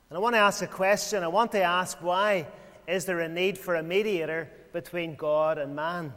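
A man preaching a sermon in a measured way, full of rhetorical questions and repeated phrases. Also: high voice, steady tone, a bit bright. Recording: long hall reverb.

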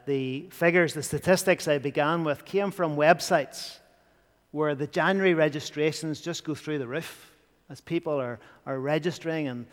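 A man preaching a sermon in an earnest way, sometimes dropping to a hushed voice for emphasis. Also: fairly high pitch. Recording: long hall reverb.

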